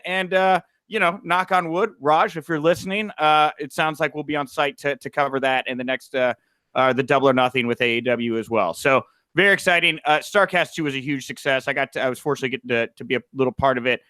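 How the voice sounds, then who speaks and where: A man's voice: on the high side, a little fast, clear, resonant tone, no room sound. A young man hosting a wrestling news podcast, chatting casually and telling stories with a lot of "uh" fillers. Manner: animated storyteller, frequent "uh" fillers. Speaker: podcast host.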